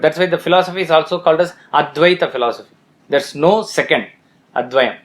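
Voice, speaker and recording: A man giving a measured Vedanta discourse as a spiritual teacher, repeating his points for emphasis. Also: a little high.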